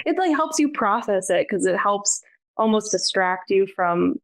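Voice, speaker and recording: Gravelly-voiced woman, dry close sound. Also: mid-range voice, lively intonation, unhurried, no room sound. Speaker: podcast co-host. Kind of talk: casual chat.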